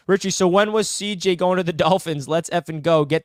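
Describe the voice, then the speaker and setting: A man's voice: high-pitched, steady tone, a little fast, hardly any pauses, clean tone, no echo, clean studio sound. A young man hosting a live sports talk stream, fired up and emphatic as he banters with fans. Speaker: sports channel host.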